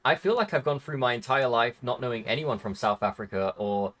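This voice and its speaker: Excitable swearing English man. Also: medium pitch, fairly quick. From Britain. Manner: excitable, swears a lot, laughs often. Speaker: streamer host. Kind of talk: casual interview chat.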